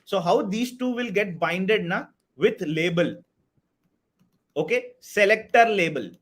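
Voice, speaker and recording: High-voiced man teaching live. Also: slow. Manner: energetic, repeats "are you all clear" and "right"; hypes up the chat and counts down to a target. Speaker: DevOps instructor. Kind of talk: live online coding class.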